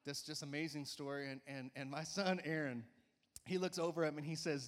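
A man in his forties preaching a sermon in a church, energetic and coaxing, often urging listeners with "come on.". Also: fairly high pitch, brisk. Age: 40s. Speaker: pastor. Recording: church hall reverb.

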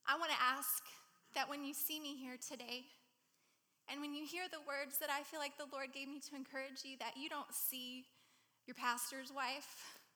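Emotional woman preacher, high and bright. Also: level tone, moderate pace, in a large hall. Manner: emotional, warm-hearted, candid. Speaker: guest speaker. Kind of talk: sermon. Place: church sanctuary.

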